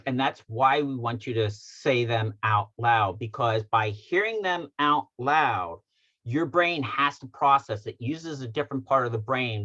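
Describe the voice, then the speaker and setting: Mid-pitched male co-host, upbeat and affirming, muffled video-call sound. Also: pushed and bright. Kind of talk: wellness webinar talk.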